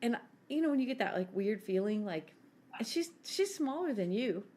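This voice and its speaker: A woman's voice: on the high side, expressive, normal speed, mellow. A woman in her forties telling stories in casual chat as a podcast co-host, brash, laughing and swearing freely.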